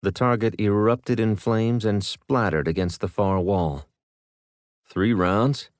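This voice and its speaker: A man narrating a science fiction audiobook with steady, plain storytelling. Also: on the low side, unhurried, dry recording, studio quality. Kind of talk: scripted narration.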